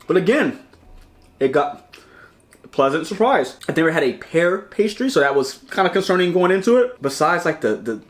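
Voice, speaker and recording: A man hosts a casual taste-test vlog as a snack reviewer, often talking while chewing. His fairly high voice swings widely in pitch at a normal speed, and he rambles chattily, restarting and repeating words.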